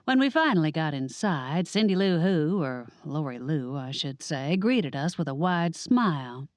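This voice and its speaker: A woman's voice: low voice, big pitch swings, unhurried, no room sound, studio quality. A woman narrating a cozy audiobook in first person, wry and conversational.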